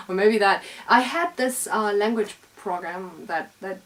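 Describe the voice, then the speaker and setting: A young woman with a German accent, which some hear as Australian, talks in a casual chat. She stops and starts with fillers and breaks into laughter easily. Her voice is mid-pitched and the mic picks her up from a little distance. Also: takes it slowly. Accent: German, with traces described as Australian-sounding. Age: young adult. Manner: chatty and hesitant, often breaking into laughter. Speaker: co-host.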